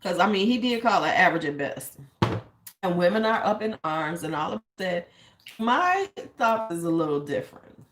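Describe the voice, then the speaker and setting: A woman's voice: lowish voice, big pitch swings, normal speed, background noise. A woman vlogger giving casual commentary, blunt and candid, swearing freely and retelling stories by acting out what people said. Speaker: beauty vlogger.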